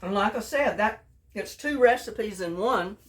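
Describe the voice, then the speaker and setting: A woman's voice: medium pitch, lively intonation, a little slow, recorded from a distance. Lady chatting through her cooking vlog, folksy, keeps saying y'all to viewers. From Texas. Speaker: home cook.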